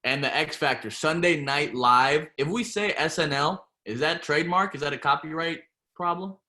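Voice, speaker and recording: A man co-hosting a casual live-stream chat show, jokey and quick with banter. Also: a little high, pushed and bright. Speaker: co-host.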